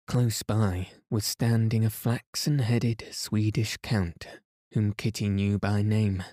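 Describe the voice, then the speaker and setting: A man narrates a classic novel for sleep, soft and unhurried. His voice sits low and mellow, and the recording is close and dry, with no room around it. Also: dry recording. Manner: slow, soothing, even reading. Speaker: sleep podcast host. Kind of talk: calm bedtime audiobook narration.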